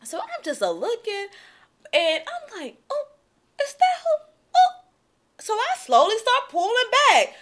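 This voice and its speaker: Animated high-pitched woman telling a story. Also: measured pace. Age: young adult. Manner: animated, acts out quotes with shouts and laughs. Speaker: podcast co-host. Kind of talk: casual chat, storytelling.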